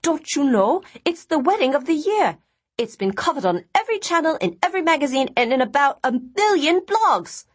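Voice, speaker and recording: An excitable young daughter, quick to scold and quicker to gush, as a woman voices her. Her pitch leaps around, with a husky edge. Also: full character voice. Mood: excited. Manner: excited, chiding.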